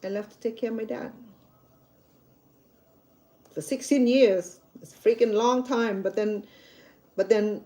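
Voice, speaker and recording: Mellow-voiced woman telling a story. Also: a little high, a little slow, long pauses, low-quality recording. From Cambodia. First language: Khmer. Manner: candid and chatty, with frequent restarts. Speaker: cooking channel host. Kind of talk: personal storytelling vlog.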